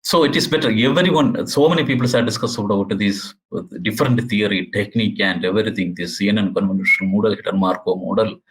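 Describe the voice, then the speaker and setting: Man, low voice, lecturing, halting with restarts, earnest. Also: a bit bright, rough recording. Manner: halting, with frequent restarts and repeated words; earnest and explanatory. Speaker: university lecturer. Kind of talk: academic lecture.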